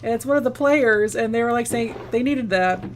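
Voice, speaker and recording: Rambling, high-voiced woman streamer. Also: fairly quick, slight background noise. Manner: rambling, with many restarts, acting out quoted lines in a raised voice. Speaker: game streamer. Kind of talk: casual live-stream chat while gaming.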